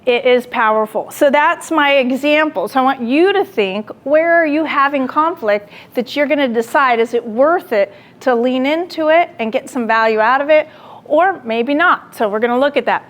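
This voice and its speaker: A woman gives a lecture with a voice a little higher than most. She tells a personal story with animation, acting out what she said herself. She turns to the listeners with direct questions. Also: normal speed. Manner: animated storytelling, acting out her own quoted lines; asks the audience direct questions.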